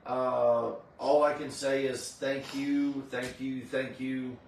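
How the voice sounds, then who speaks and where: A man's voice: mid-range voice, little pitch movement, slow, creaky, heavy reverb, distant mic, a little hiss or hum. A tired man hosting a casual chat, rambling with many fillers and restarts. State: tired, yawning. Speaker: host of a convention recap stream.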